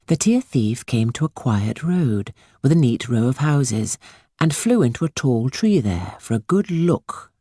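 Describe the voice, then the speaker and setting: A woman reading a children's story aloud in a hushed, suspenseful manner. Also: a bass voice, slightly rough, no echo, studio quality. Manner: hushed and suspenseful, lingering on words. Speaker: audiobook narrator. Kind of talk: scripted storybook narration.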